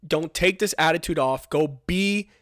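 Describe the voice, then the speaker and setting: A man's voice: a little high, a little slow, a bit bright, no echo, studio quality. A young man hosting a podcast about his fire recruit training, giving an earnest, emphatic motivational talk that repeats rallying commands.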